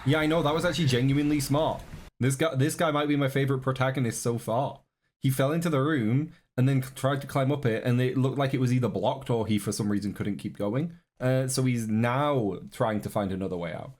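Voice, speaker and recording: A man's voice: mid-range voice, fairly quick, darkish tone. A man streaming a reaction to a video, chatting casually to his viewers with rambling, joking asides.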